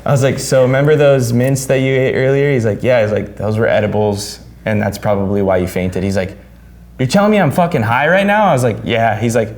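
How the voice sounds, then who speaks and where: Animated, cursing man telling a story. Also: lowish voice, brisk, few pauses. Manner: animated, swears freely, acts out quotes loudly. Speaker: podcast host. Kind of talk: casual storytelling chat.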